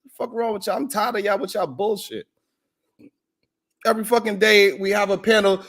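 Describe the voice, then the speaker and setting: A man's voice: high voice, normal speed, fairly bright tone. A man hosting a live stream, ranting in heated, profane reaction commentary.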